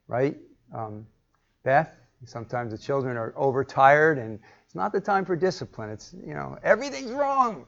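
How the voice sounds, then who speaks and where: A man's voice: medium pitch, animated, normal speed, gravelly, a bit bright. A man teaching a Bible class, asking the group questions and acting out the lines he quotes. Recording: muffled lo-fi recording.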